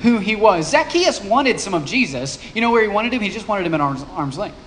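A man's voice: sits high, sing-song, a little fast, a bit bright, slight background noise. A man, a pastor, preaching a sermon in a conversational, joking way, checking in with the congregation. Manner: conversational, playful asides to the congregation.

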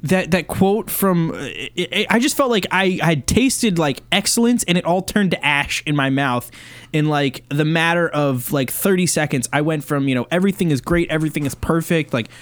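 A man's voice: on the high side, expressive, normal speed, fairly bright tone, no echo. A man chatting on a sports podcast, heated and rambling, full of fillers and restarts. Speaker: Liverpool fan podcast co-host. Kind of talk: casual chat.

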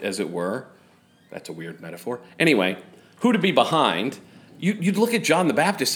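A man's voice: mid-range voice, a bit bright. A man preaching a sermon in a conversational way, with self-deprecating asides. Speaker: pastor.

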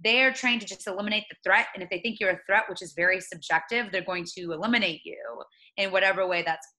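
A woman in her late twenties speaking as an interview guest, earnest and reflective, often pausing and restarting. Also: medium pitch, pushed and bright, poor audio. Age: 20s. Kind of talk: conversational interview.

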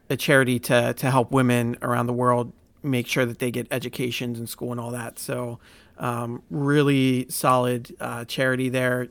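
Male co-host with a gravelly voice, recorded dry and close, loose casual delivery. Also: medium pitch, a bit bright, no room sound. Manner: rambling, many restarts and fillers. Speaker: podcast co-host. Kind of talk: casual podcast chat.

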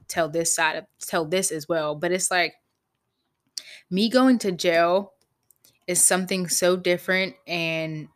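A young woman hosting a podcast, telling a personal story in a candid, animated way, swearing freely. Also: lowish voice. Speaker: podcast host. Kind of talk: casual storytelling.

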